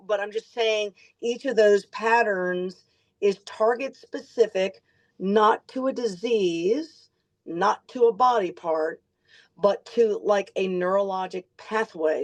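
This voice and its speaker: Woman practitioner, emphatic and brisk, casual explainer on a call. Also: medium pitch, low-quality recording. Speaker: medical practitioner speaker.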